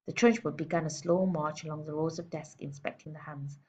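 Low-voiced woman teacher reading a story. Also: a little fast, few pauses, husky. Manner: lively, expressive storytelling. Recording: dull lo-fi recording.

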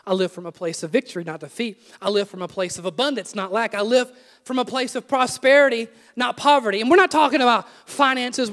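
Young pastor guy preaching, pretty high voice, cracks jokes at himself, big echoey church hall. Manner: animated preaching with repeated refrains and self-deprecating jokes. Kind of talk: sermon. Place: church sanctuary.

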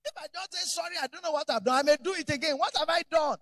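A man voicing a young son who protests and pleads with his father, his voice jumping high. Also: animated, normal speed, breathy edge, dry recording, studio quality. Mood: pleading. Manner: shouting protest, rising pitch.

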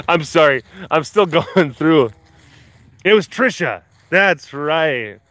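A man with a slightly high, somewhat bright voice and a measured pace hosts a live stream at a big cat facility. He reads viewer comments, teasing playfully and laughing often.

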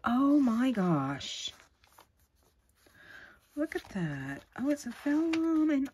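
A middle-aged woman, chatting casually and gushing excitedly as she opens craft mail at home. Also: sits high, takes it slowly, long pauses, slight background noise. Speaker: crafting vlogger. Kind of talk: casual unboxing chat.

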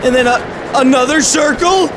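A woman gaming YouTuber in casual gameplay banter, excitable and dramatic, shrieking and laughing. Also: high voice, moderate pace, a loud crowd, very noisy. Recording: game music behind.

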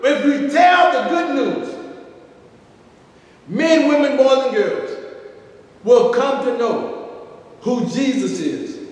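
Male pastor, high preaching voice, far from the mic in a booming hall. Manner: preaching with rising, sung emphasis. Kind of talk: sermon and altar call. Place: large church sanctuary. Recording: echoey hall, distant mic.

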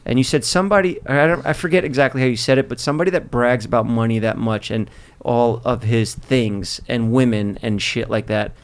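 A man's voice: medium pitch, a little fast, hardly any pauses, clean tone. A man hosting a podcast, chatting casually with a guest in loose, profane banter. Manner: laid-back, profane banter. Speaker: podcast host. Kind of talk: casual chat.

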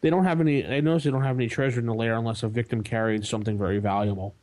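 Man, podcast host, quick talker, dry close sound, matter-of-fact. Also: medium pitch, steady tone, darkish tone, no room sound. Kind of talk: casual chat.

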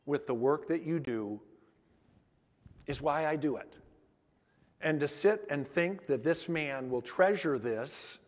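A man's voice: fairly high pitch, a little mellow. Man telling heartfelt stories in a hall. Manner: heartfelt, emphatic storytelling with quoted dialogue. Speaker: conference speaker. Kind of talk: storytelling keynote talk. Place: large conference hall. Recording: long hall reverb.

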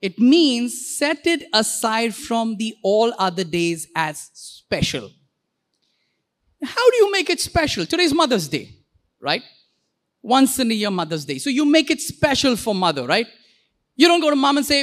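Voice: mid-range voice, sing-song, fairly bright tone. A pastor delivers a sermon in a church. The voice moves up and down freely, with playful asides and frequent calls for the congregation to repeat words back. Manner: playful, quick asides and jokes.

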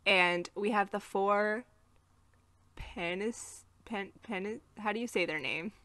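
Chatty American woman with a bright voice. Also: medium pitch, slow pace, dry recording. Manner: chatty, laughs at her own slips, recaps plot. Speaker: podcast co-host. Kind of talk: casual movie review chat.

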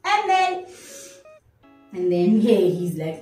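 A young woman with a South African accent, telling her personal story in an interview, animated and switching in and out of isiZulu. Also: mid-range voice, slow pace. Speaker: interview guest. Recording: echoey room, voice from a distance, faint music.

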